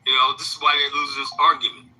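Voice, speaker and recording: A man's voice: fairly high pitch, little pitch movement, quick pace, bright, forceful tone, slightly rough, poor audio. A man giving heated commentary, firing off blunt rhetorical questions and repeating himself. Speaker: commentator in a played clip. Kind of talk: heated commentary reacting to a clip.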